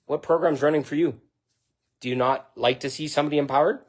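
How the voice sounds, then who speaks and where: A man talking straight to camera in a spiritual monologue, blunt and profane, swinging between loud outbursts and low, intense delivery. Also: fairly even intonation, fast. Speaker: spiritual vlogger.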